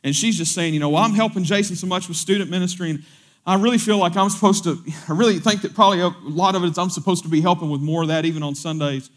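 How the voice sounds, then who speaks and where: A pastor tells a story mid-sermon in a conversational style, frequently repeating words and quoting people in animated voices. His voice sits high and he talks fast.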